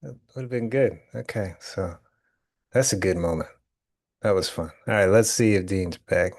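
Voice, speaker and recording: A man's voice: deep voice, moderate pace, darkish tone, no echo, studio quality. Blunt, crude-talking man on a podcast call. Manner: blunt, crude and boastful, talks over his co-host. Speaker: podcast co-host. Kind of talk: casual podcast chat. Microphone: remote call.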